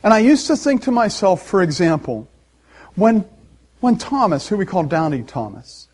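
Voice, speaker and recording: A man preaching a sermon, animated and laughing often, acting out the voices in the story. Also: sits high, normal speed. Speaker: pastor.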